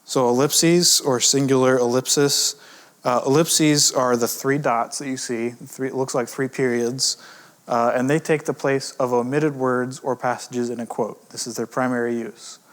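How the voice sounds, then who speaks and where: A man, an editor, teaching a recorded grammar lesson in a relaxed, conversational way, slowing down to stress example words and often restarting with fillers. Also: mid-range voice.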